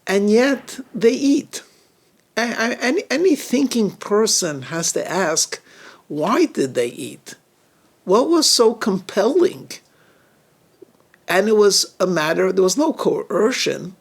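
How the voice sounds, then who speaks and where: A man who is a rabbi, telling a weekly story in sermon style, deliberate, with rhetorical questions and halting restarts. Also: high voice, big pitch swings, gravelly.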